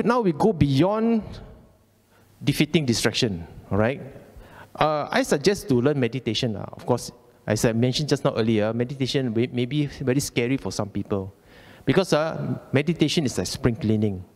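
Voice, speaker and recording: A Buddhist Dhamma speaker's mid-range, slightly mellow voice fills a large temple hall. Speaking with a Malaysian English accent, he keeps the talk informal and chatty, repeating phrases and regularly asking "okay?".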